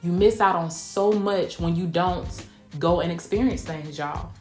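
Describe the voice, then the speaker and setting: A woman's voice: lowish voice, a little slow, a little mellow. Southwest Georgia country woman, emphatic. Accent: rural Southwest Georgia. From Blakely, Georgia, US. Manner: folksy, emphatic, calls listeners honey and y'all. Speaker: podcast host. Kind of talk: casual motivational podcast chat, also streamed live. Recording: roomy echo with faint music behind.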